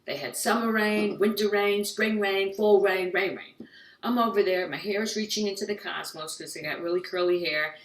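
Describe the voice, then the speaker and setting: An American woman doing a stand-up comedy monologue, quick and jokey, slipping into little voiced asides. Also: medium pitch, reverberant, far from the mic, rough recording. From United States.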